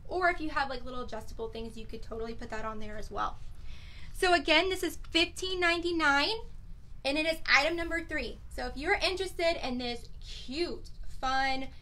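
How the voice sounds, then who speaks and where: Bubbly high-voiced woman selling jewelry. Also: moderate pace, bright, forceful tone. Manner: chatty, bubbly, laid back, lots of fillers. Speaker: online boutique host selling jewelry. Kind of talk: live sales video, casual chat.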